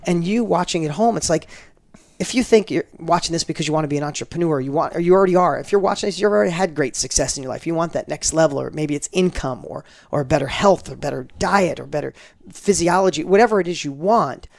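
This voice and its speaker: Middle-aged male guest, quick and animated storyteller, fairly high gravelly voice, acts out the dialogue. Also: no room sound, studio quality. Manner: animated, acts out quoted dialogue, frequent restarts. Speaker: podcast guest. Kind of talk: casual interview storytelling.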